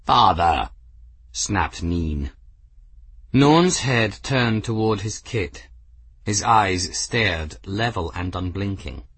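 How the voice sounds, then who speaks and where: A man narrating an audiobook in a very low, slow voice with a husky edge. His reading is measured and even, recorded close and dry. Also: no echo.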